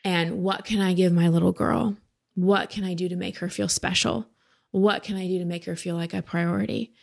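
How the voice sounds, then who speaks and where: A woman in her thirties giving a caller direct but gentle coaching advice on a talk show. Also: on the low side, moderate pace, gravelly.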